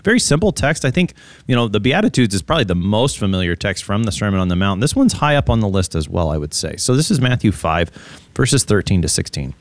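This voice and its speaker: A man's voice: on the low side, big pitch swings, fairly quick, dry recording. A man hosting a conversational Bible study discussion, asking questions and explaining the grammar of the text. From United States. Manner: leads with questions, reads scripture aloud, explains grammar.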